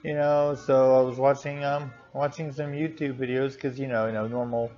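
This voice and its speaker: A man co-hosting a casual chat in a coffee shop, talking haltingly with many restarts and repeated words. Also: medium pitch, little pitch movement, mellow. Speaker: co-host. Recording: dull lo-fi sound, faint music.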